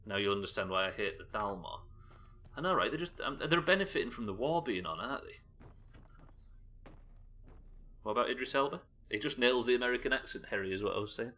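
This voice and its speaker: A man's voice: medium pitch, expressive, fairly quick, pauses often, sharp tone. A British man live-streaming a game, chatting casually with his chat and reading aloud in a chatty, self-interrupting way. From United Kingdom.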